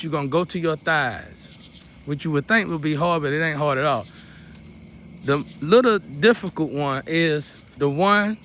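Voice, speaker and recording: A man with a fairly high voice leads a guided meditation in a loose, chatty way. He repeats his steps over and over and slips in preacherly asides as he teaches. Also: a bit bright, a little hiss or hum. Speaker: spiritual teacher.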